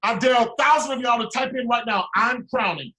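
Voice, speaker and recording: A man with a high voice delivering a motivational speech as a mentor. He preaches and repeats himself, swinging from loud, pushing exhortation to hushed asides. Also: fast talker. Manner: preachy, repetitive, swings between loud urging and low asides. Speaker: business mentor.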